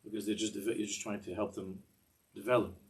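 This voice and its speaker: A man's voice: on the low side, flat delivery, fairly quick. An older man teaching a Torah class in a discursive way, often repeating words and mixing in Hebrew phrases.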